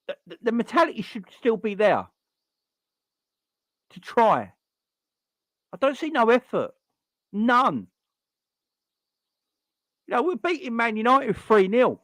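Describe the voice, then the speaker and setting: A man's voice: sits high, fairly bright tone, no room sound. A man hosting a football fan channel, ranting in frustration and firing off repeated rhetorical questions. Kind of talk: fan reaction rant.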